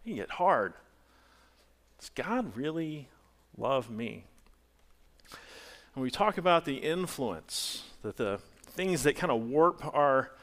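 A man preaching a sermon as pastor to his church, animated and rising to loud excited bursts. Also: medium pitch.

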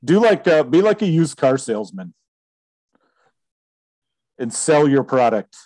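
A man's voice: mid-range voice, very animated, measured pace, a little mellow, dry recording. A man co-hosting a podcast, teasing his partner in easygoing banter. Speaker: podcast co-host.

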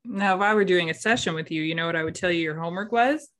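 A woman gives advice as a coach in a relaxed conversation. She is calm and encouraging, and gently direct. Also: lowish voice, quick pace. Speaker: intuitive reader, coach. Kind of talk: casual chat.

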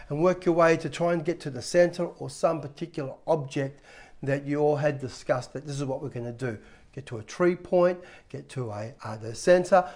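A man's voice: a little high, a little mellow. A man, a pastor preaching a sermon in a conversational way with frequent restarts.

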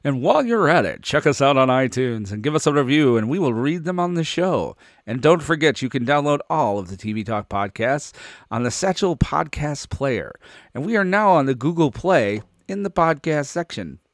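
A man's voice: mid-range voice, big pitch swings, normal speed, no room sound, studio quality. A man co-hosting a podcast in a casual, rambling way, laughing often as he wraps up. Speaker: podcast co-host and director.

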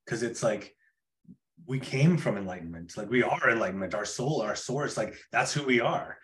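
A man hosting a casual spiritual chat, talking in a relaxed, rambling way with many fillers. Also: mid-range voice, normal speed. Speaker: host.

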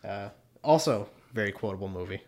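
A man's voice: fairly low pitch, expressive, a little fast, darkish tone. A young man co-hosting a podcast in casual chat, laid-back, swearing often and laughing a lot. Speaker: podcast co-host.

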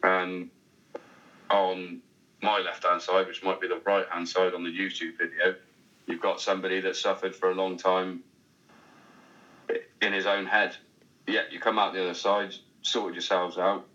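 A man's voice: sits low, level tone, normal speed, long pauses, sharp tone. A man chatting casually on a podcast, rambling and matey with plenty of fillers. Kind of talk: casual chat. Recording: dull, lo-fi sound.

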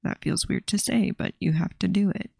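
A woman's voice: medium pitch, normal speed, gravelly, darkish tone, slightly rough, dry recording, studio quality. A woman co-hosting a casual faith podcast, chatty and filler-heavy, often saying "like". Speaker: podcast co-host.

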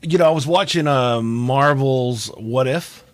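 A young man hosts a relaxed podcast chat over a video call. He rambles through his stories, full of ums, uhs and restarts. His voice sits at an ordinary, middle pitch. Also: a little slow, dry recording. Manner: rambling storyteller, many fillers and restarts. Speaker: podcast host.

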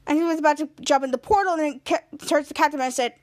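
Very high-pitched woman rambling through a recap. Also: very fast, hardly any pauses. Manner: rambling scene-by-scene retelling full of "cut to" and "he's like". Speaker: podcast host. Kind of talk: casual episode recap.

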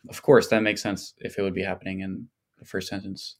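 A man's voice: sits low, little pitch movement, a little fast. A man as a podcast guest, explaining things in a casual scholarly way with many fillers and hedges.

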